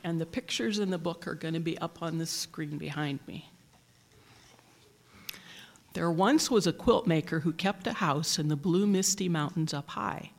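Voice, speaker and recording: A teacher reading a picture book aloud in a gentle, measured storytelling manner. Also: mid-range voice, gravelly.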